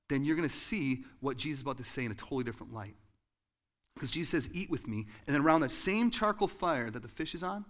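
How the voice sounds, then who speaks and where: A male pastor delivering a sermon with a lively, storytelling delivery. He swings between loud, high-energy bursts and hushed, intimate lines, acting out the people in his story. His voice sits at an ordinary middle pitch.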